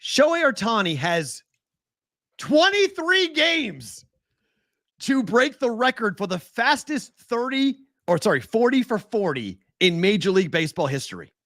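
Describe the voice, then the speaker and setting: A man's voice: high voice, normal speed, hardly any pauses, dry recording, clean studio sound. A man hosting a casual sports betting show, rattling off odds and stats with incredulous energy. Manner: animated, incredulous, stat-heavy.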